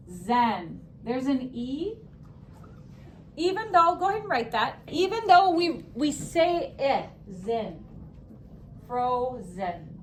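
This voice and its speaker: A woman's voice: high-pitched, slight background noise. A woman teaching second graders a spelling lesson, upbeat and sing-song, stretching words out syllable by syllable. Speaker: elementary school teacher. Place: classroom.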